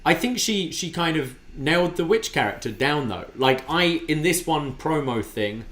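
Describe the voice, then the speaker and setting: A man's voice: a little high, animated, normal speed, a bit bright. A man co-hosting a casual wrestling review podcast, talking with enthusiasm and often restarting his sentences. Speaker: podcast co-host.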